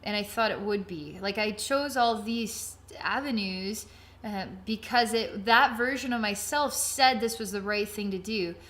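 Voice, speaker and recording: A woman's voice: medium pitch, a little slow, a bit bright. A woman giving a psychic healing reading, vivid and dramatic, thinking aloud with frequent restarts. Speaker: psychic reader.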